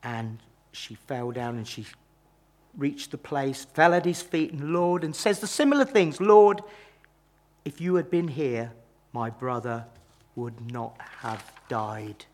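A man preaching a sermon, retelling a Bible story with dramatic rises and hushed drops. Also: slow pace. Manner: dramatic, rises and falls in pitch and loudness.

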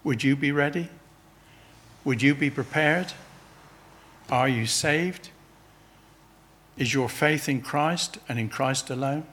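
A man's voice: mid-range voice, slow pace, long pauses, a bit bright, husky. A man preaching a sermon, earnestly pressing his listeners with urgent questions.

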